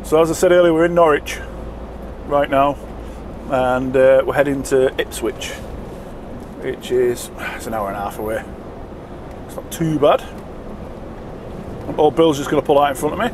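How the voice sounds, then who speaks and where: A truck driver vlogger chats casually while driving, rambling and poking fun at himself from the cab on the road. His mid-range voice moves at a normal speed with long pauses, and road noise fills the cab.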